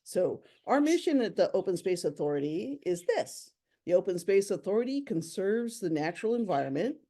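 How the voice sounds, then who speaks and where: A woman's voice: lowish voice, dark tone. A young woman on park education staff, giving a bubbly, chatty virtual nature presentation over a computer microphone. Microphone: computer mic on a video call.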